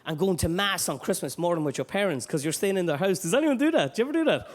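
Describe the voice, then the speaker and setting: A man from Dundalk with an Irish accent doing a stand-up routine, animated and sweary, with shouty bursts, recorded live in a club. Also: sits high, quick pace. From Dundalk, Ireland. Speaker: stand-up comedian.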